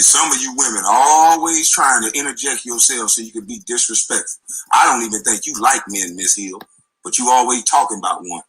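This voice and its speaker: A man's voice: on the low side, a bit bright, slightly rough, low-quality recording. A man delivering a heated, confrontational and profane rant, with scornful laughs. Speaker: guest.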